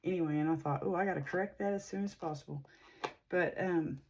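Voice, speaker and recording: A woman's voice: lowish voice, fast talker, poor audio. A middle-aged woman, a tarot reader talking casually to viewers in a rambling way, with many fillers. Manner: chatty, rambling, with frequent fillers. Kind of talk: casual spiritual reading to viewers.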